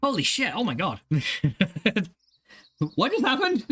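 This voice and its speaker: A man hosts a live game stream, chatting with viewers and breaking into laughter constantly. His voice swings widely in pitch as he gets excited and swears freely. A soft bed of music plays underneath. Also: a little slow. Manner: excitable, laughs often, swears, thanks chat. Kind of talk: live stream chat while gaming.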